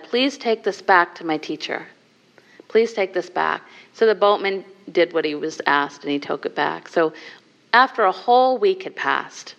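A woman meditation teacher telling a teaching story and leading a guided meditation in a gentle, soft-spoken way. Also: lowish voice, lo-fi sound.

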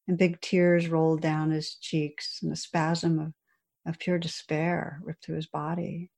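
A woman with a low, mellow voice leads a dharma talk. She tells a teaching story gently and reflectively, with soft pauses between her phrases. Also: level tone. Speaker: meditation teacher.

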